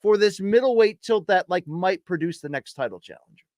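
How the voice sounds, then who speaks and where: Upbeat male podcast host, fairly high voice. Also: animated, fairly quick, darkish tone, no echo. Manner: upbeat, joking questions. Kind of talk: casual interview chat.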